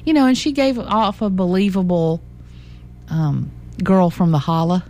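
A woman with a Southern US accent, co-hosting local radio, chatting casually and then slowly reading classified listings and phone numbers. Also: fairly low pitch, mellow. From American South.

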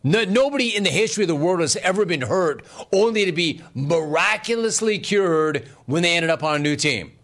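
A sports talk host with a fairly high voice riffs sarcastically on the news. He laughs often and teases fans, and his delivery stays animated. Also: fairly quick, hardly any pauses. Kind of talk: casual sports talk, reading chat.

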